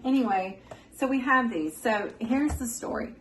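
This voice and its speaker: Young woman, cooking-vlog host, folksy rambling chat, mid pitch, faint kitchen noise behind. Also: expressive, moderate pace, creaky. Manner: folksy and rambling, drifts into soft emotional murmurs. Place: home kitchen.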